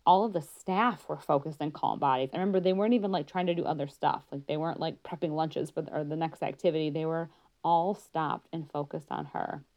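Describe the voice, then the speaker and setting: A woman's voice: low voice, a little fast, darkish tone. A woman working as a pediatric therapist gives a conversational educational talk, showing her points by acting out tones of voice.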